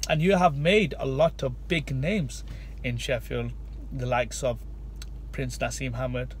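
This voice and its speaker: A man's voice: mid-range voice, fairly even intonation, takes it slowly, a little hiss or hum. A man who vlogs and runs a restaurant, speaking in a casual tribute to camera with earnest, repetitive, heartfelt phrasing. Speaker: vlogger and restaurant owner.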